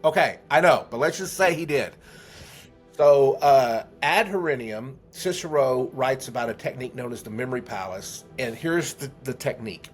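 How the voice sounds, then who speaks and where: A man's voice: medium pitch, lively intonation, normal speed, soft background music. A man telling a heartfelt story as a podcast guest, earnest, with many restarts. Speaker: guest, memory trainer.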